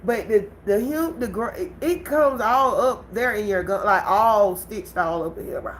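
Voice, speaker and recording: A woman hosts a casual livestream and tells her story right to her viewers. She is animated and laughs often, and her voice sits at a middle pitch. There is a faint hiss of noise behind her. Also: measured pace, low-quality recording. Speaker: livestream host.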